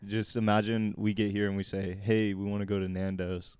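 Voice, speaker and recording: A man's voice: on the low side, level tone, fairly quick, a little mellow, clean tone, no room sound. An American man co-hosting a podcast, teasing and playful. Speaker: podcast co-host. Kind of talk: podcast conversation.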